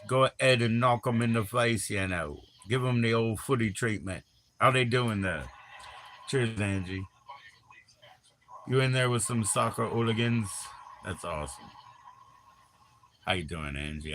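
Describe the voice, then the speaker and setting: A man's voice: lowish voice, bright, forceful tone, slight background noise. A middle-aged man hosting a casual livestream, rambling in slang, jumping between topics and greeting viewers in chat. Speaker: livestream host.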